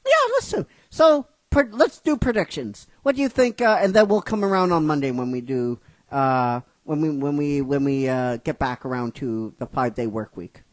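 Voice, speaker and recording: A woman hosting a show, ranting in excited disbelief, swearing and laughing. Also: sits low, moderate pace, no echo. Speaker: host. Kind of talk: casual ranting commentary.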